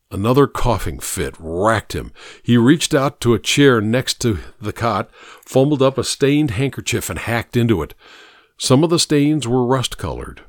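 A man narrating a first-person crime novel in a measured, grave, understated way. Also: medium pitch, sing-song, no room sound, studio quality.

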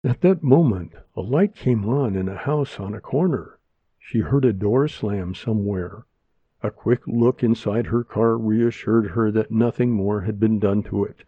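A man narrating an audiobook in a measured, steady way, in a dull lo-fi recording. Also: on the low side, slightly rough, no room sound.

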